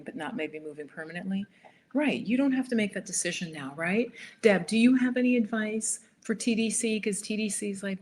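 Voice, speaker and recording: A woman's voice: low voice, slight background noise. A woman hosting a casual live stream, chatting and answering viewer comments, sometimes dropping to a near whisper. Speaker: live stream host and lifestyle coach.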